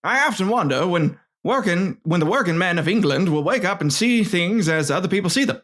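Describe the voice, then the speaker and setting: A man's voice: sits high, lively intonation, brisk, a bit bright, pitched above the performer's own voice. A man voicing an old-timey early-1900s working man writing a letter home, in a stagey old-fashioned reading voice. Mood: indignant.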